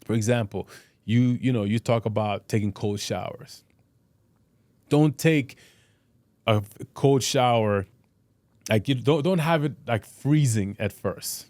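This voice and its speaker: Boxing stories come bluntly and profanely from a middle-aged podcast guest, a boxer and fitness trainer, in casual interview talk thick with restarts and "you know." His mid-range, darkish voice is slow-paced with frequent pauses, and there's no room sound.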